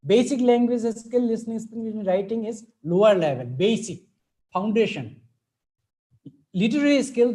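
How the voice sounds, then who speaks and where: A man with an Indian English accent delivers an online lecture to teachers. He works through each point methodically and pauses often to check that his audience is keeping up. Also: high voice, a little mellow, low-quality recording. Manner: explanatory, checks in often with "all right?". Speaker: teacher trainer. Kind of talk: webinar lecture.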